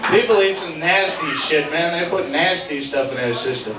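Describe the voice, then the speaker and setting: Young male Boston stand-up, punchy and crude, high voice, roomy bar sound. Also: normal speed, heavy background noise. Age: 20s. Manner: brash, profane, punchy. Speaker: stand-up comedian. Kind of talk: stand-up comedy set. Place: bar comedy club. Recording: roomy club tape from far off, loud crowd. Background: crowd laughter.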